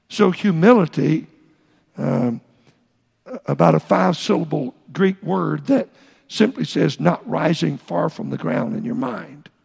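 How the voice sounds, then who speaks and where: Gravelly, husky man preaching in a hall. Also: on the high side. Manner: halting, repeats words, explains Greek terms. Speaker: pastor. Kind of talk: sermon. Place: church sanctuary. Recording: long reverb in a large hall.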